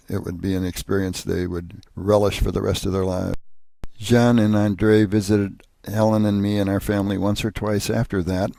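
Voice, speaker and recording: A man's voice: deep voice, vocal fry, dark tone, no room sound. An older man narrating a personal family history, earnest and plain-spoken, with occasional restarts.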